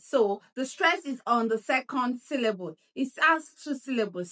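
A woman teaching pronunciation, drilling and repeating words slowly so the listener can copy. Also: high-pitched, animated, fairly bright tone. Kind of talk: pronunciation lesson.

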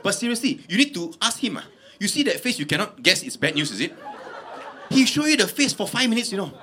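A man doing stand-up comedy, animated and laughing through his bits. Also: sits high, fast talker, a little hiss or hum.

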